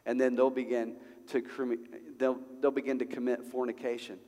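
A male preacher voicing a scheming ancient prophet who lays out a plan in a low, hushed, conspiratorial tone, in a reverberant hall. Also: flat delivery, fairly quick, close to an everyday voice.

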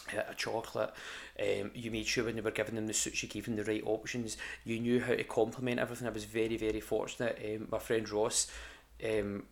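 A man's voice: on the low side, gravelly. A young Scottish man telling rambling, sweary stories about his old jobs in a casual podcast chat, full of ums and restarts. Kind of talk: casual storytelling.

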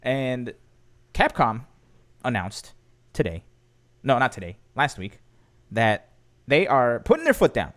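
A man's voice: mid-range voice, wildly swooping pitch, measured pace, pauses often, a bit bright. A man hosting a casual gaming news podcast, talking loosely with many fillers. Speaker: podcast host.

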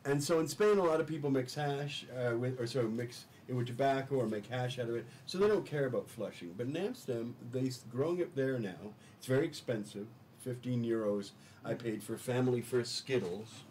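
A man on a talk-show couch, enthusiastic and rambling, stumbling and restarting as he goes. His pitch sits in the middle. A faint hiss of noise runs under his voice. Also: a little fast, darkish tone, rough recording. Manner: rambling, enthusiastic, repeats words when restarting. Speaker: studio guest. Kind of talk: casual talk-show chat.

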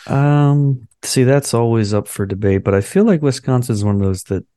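A man's voice: medium pitch, animated, normal speed, mellow, no echo, clean studio sound. A man co-hosting a podcast, musing wryly and sarcastically in casual comedic chat. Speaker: podcast co-host.

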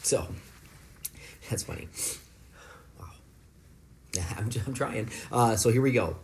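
A man leading a home Bible lesson for his kids, explaining scripture in a relaxed, conversational way. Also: fairly low pitch, slow, vocal fry, slight background noise. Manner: rises to loud, fervent preaching, then talks softly and warmly with kids. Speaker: father leading a family devotion. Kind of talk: preaching to children at home.

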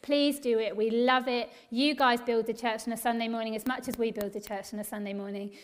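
A woman worship leader giving an eager, encouraging church talk to a congregation, quick and laughing often. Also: a little high, steady tone.

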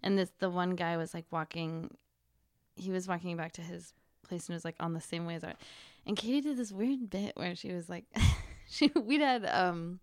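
A woman's voice: on the low side, moderate pace, dry recording, clean studio sound. A woman hosting a podcast, telling a rambling story with many fillers and joking asides. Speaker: podcast host. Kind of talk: casual chat.

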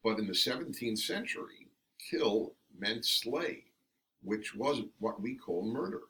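Emphatic man with a low voice. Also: a little slow, distant mic, slight background noise. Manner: emphatic, animated storyteller. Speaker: radio host as interview guest. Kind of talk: interview storytelling.

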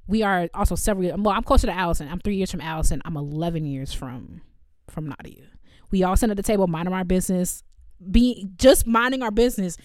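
Young woman co-hosting a chat podcast, animated storyteller, dry close sound. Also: lowish voice, fast talker, no echo. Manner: animated storytelling, laughs often, acts out voices. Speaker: podcast co-host. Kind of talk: casual chat.

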